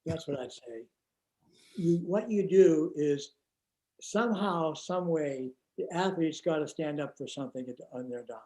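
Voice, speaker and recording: A man on a panel talking bluntly and heatedly in rapid bursts. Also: on the high side, mellow. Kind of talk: panel discussion.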